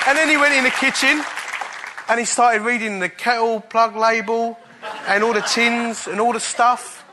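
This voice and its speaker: A man preaching, telling a personal testimony in an animated way and chuckling at the funny parts. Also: very high voice, normal speed, a crowd in the background, noisy background. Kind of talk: storytelling sermon.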